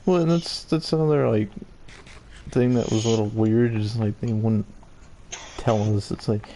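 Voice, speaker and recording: A young man chimes in during a casual chat, hesitant and often trailing off. His voice is dark and mellow with a gravelly fry. A faint room hum sits behind him. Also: fairly low pitch, fairly even intonation, moderate pace. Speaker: co-host.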